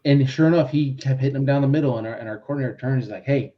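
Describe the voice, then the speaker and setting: A man in his thirties, a guest on a podcast, telling stories in a quick, laid-back way and swearing casually. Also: mid-range voice, muffled recording. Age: 30s. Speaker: podcast guest, pro football long snapper. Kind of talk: casual storytelling chat.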